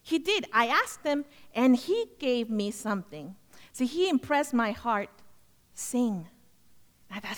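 A woman's voice: a little high, expressive, slow. A woman missionary giving a heartfelt, earnest testimony in a church, telling her story with thanks. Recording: long hall reverb.

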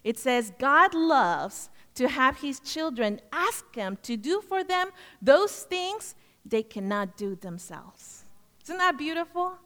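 A woman's voice: sits high, very animated, takes it slowly, fairly bright tone. A woman missionary giving a heartfelt, earnest testimony in a church, telling her story with thanks. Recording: long hall reverb.

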